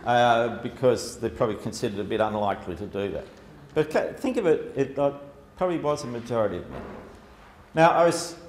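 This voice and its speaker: A man giving a chatty, humorous public talk with slides to an audience, with lots of fillers. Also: mid-range voice. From Australia. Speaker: speaker. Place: lecture hall before an audience. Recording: echoey hall, faint background noise.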